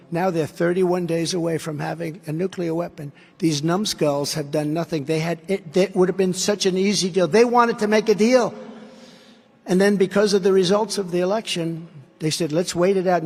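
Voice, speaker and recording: A man's voice: high-pitched, fairly even intonation, moderate pace, darkish tone, husky. A man giving a campaign rally speech as a political candidate, emphatic and repetitive, with rambling asides. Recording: long hall reverb.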